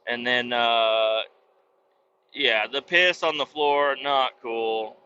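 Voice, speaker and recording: Blunt, profane truck-driving dad. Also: male voice, mid-range voice, takes it slowly, pushed and bright, lo-fi sound, a little hiss or hum. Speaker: podcast host. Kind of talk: casual rambling monologue.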